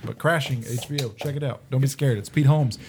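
A man's voice: medium pitch, fairly even intonation, fast, darkish tone, slight background noise. A man hosting a casual podcast chat, upbeat and laughing often, swearing now and then. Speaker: podcast host.

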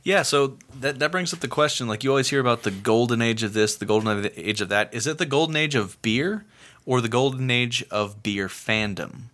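A man's voice: medium pitch, brisk, fairly bright tone. A man co-hosting a casual chat about beer, often restarting his sentences and repeating words. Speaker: podcast co-host.

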